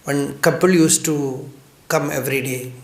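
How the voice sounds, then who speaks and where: A man from India giving a spiritual discourse, gentle and chuckling often, repeating words for emphasis. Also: mid-range voice, steady tone, a little slow, gravelly, reverberant. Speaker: spiritual teacher.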